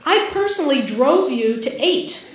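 Brief: a shrill, high proper mother who scolds, as a woman puts her on, echoey hall. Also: lively intonation, moderate pace. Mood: stern. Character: indignant proper middle-aged mother, woman.

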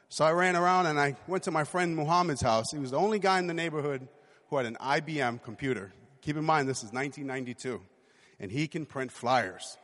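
Man, 40s, lively storyteller who acts out quotes; slightly raised pitch, long hall reverb. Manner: lively, animated retelling with acted-out quotes. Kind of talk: personal storytelling.

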